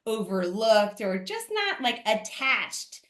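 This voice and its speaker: A woman's voice: on the high side, big pitch swings, slow, a bit bright. A woman hosting a podcast, asking thoughtful questions and sometimes searching for the right words. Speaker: podcast host. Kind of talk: casual interview conversation. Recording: roomy echo.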